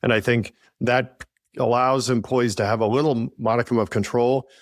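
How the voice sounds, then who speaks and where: A man's voice: medium pitch, steady tone, normal speed, no room sound, studio quality. A man co-hosting a business podcast, talking earnestly and telling stories from his work as a leader. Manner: earnest, storytelling with frequent "I think". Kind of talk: casual conversational podcast chat.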